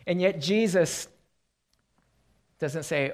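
A male pastor delivers a sermon at an unhurried pace. He tells illustrative stories and sinks into a quiet tone for emphasis. His voice sits a little high for a man. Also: lively intonation.

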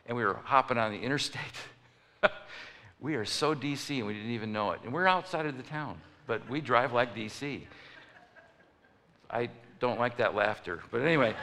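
A bright, forceful mid-range voice belongs to a pastor delivering a sermon, telling stories and performing the voices of their characters. The long reverb of a large hall surrounds him.

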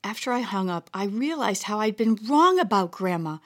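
A woman's voice: medium pitch, expressive, normal speed. Reflective woman narrating a story. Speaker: narrator and host. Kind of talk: reading a personal story aloud.

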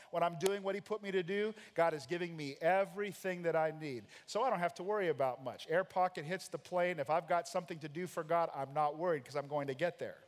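A high-pitched American man preaches with emphatic, dramatic delivery, acting out the lines of the figures in his stories. His voice rings with long reverb through a church sanctuary. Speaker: pastor. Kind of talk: sermon.

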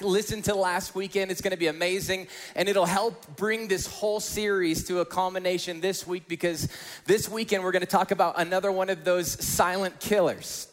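A high-voiced male pastor preaches to a congregation in a large church auditorium, telling stories in a chatty, animated way. His voice rings out with a long echo through the hall. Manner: conversational storytelling, animated. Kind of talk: sermon. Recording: echoey hall.

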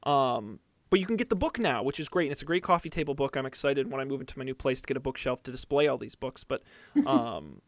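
Chatty upbeat podcast host, dry close sound. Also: male voice, medium pitch, animated, fast talker, gravelly, no room sound. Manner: upbeat, chatty, many fillers and restarts. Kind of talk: casual podcast chat.

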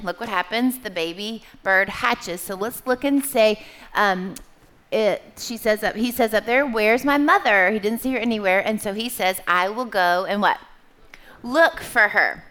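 Sharing her testimony at church, a middle-aged small group leader speaks in a medium-pitched voice. Her delivery is lively and conversational, and she keeps putting questions to her listeners.

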